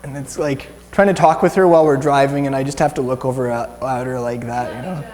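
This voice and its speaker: Man, Canadian, informal Bible teacher, rambling and chatty, mellow tone, long room reverb. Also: mid-range voice, fairly even intonation, a little fast. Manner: rambling, chatty, with many restarts and fillers.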